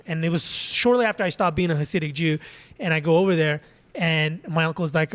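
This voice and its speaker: A man, a podcast guest from Azerbaijan, telling wild stories in casual chat, animated and profane. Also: a little high, quick pace. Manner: animated, profane, laughing storyteller. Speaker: podcast guest, tattoo artist. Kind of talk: casual storytelling.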